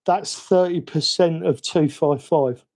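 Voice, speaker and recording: Chatty Cockney man, mellow voice. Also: a little high, slow pace. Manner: chatty, self-mocking, rambling. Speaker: hobby livestream host. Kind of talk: casual live-stream chat while working.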